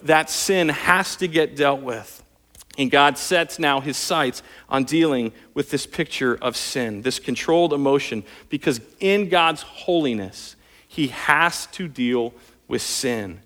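A man's voice: on the high side, unhurried, a bit bright. A male pastor preaching a sermon earnestly, building intensity on his key points. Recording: long hall reverb.

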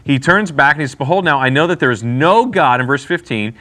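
Bright-voiced man teaching a Bible class. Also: on the high side, lively intonation, brisk. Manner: casual, paraphrases scripture in slang; asks the class questions.

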